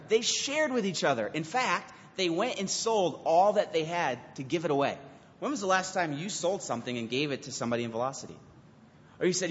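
A young man, a youth pastor, giving an animated sermon and acting out quotes from teens and God. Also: on the high side, fairly quick. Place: church hall. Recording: dull lo-fi recording with hall reverb.

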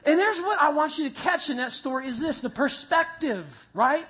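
A youth pastor delivers a sermon built around a lively told story, speaking at a moderate pace in an extremely high voice. He's an animated storyteller who acts out voices and sounds for a live group in a meeting room.

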